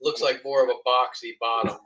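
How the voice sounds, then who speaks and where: A man's voice: medium pitch, little pitch movement, fairly quick, a loud crowd, rough recording. A man joining a casual chat with short, wisecracking interjections.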